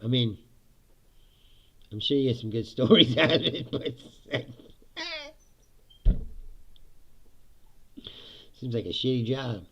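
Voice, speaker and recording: A man's voice: medium pitch, takes it slowly, pauses often. A man hosting a casual ranting monologue, profane and laughing often as he talks. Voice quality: gravelly. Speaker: podcast host. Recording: dull lo-fi sound.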